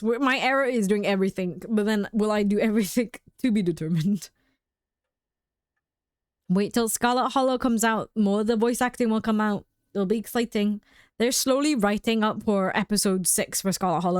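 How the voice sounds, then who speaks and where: A woman's voice: medium pitch, brisk, no echo. Chatty young woman streamer, dry mic. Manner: rambling, chatty, laughs often. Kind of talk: casual live-stream chat while playing a game.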